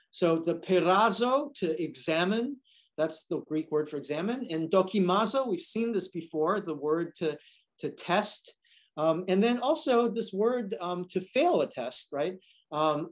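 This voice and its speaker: Male priest teaching a scripture lesson, animated intonation, conversational and explanatory. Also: a little high, measured pace. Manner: explanatory, many fillers and "right?" asides. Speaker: priest teaching a Bible class. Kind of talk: lecture with scripture reading.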